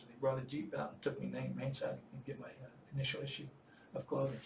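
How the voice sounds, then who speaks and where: An older man telling a war-veteran story in casual, animated style, acting out the voices he quotes. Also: medium pitch, quick pace, creaky. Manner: animated, acts out quoted voices with bursts of loud shouting. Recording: echoey room, distant mic, faint noise.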